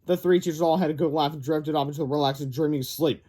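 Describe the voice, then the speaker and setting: A man's voice: fairly high pitch, fairly even intonation, quick pace, dark tone. A man reading a children's book aloud, stumbling and correcting himself now and then. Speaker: read-aloud narrator.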